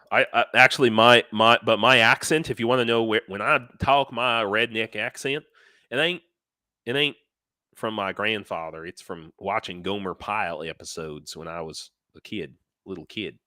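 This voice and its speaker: Man, live-stream host, casual rambling talk, lowish voice, dry close sound. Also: pushed and bright, no room sound. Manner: rambling, restarts sentences, answers viewers' chat by name. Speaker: teacher.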